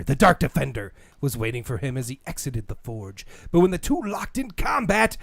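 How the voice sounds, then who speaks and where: A middle-aged man hosts a casual podcast, laughing easily and reading announcements aloud. His voice rides a fairly high, animated pitch. He stumbles over unfamiliar words. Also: gravelly, no echo. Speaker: podcast host.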